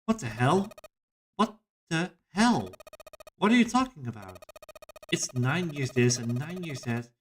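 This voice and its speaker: A man's voice: a little high, very animated, unhurried, long pauses, distant mic, slight background noise, voice pushed up. A man doing a snappy, foul-mouthed woman's voice. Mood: incredulous. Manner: snappy, swearing, exasperated.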